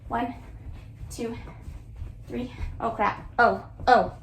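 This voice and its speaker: A woman's voice: on the high side, steady tone, extremely slow, a little hiss or hum. Chatty, giggly young woman vlogger. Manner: chatty, giggly, self-narrating. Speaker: booktuber. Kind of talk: casual vlog chat. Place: bedroom with bookshelves, indoors.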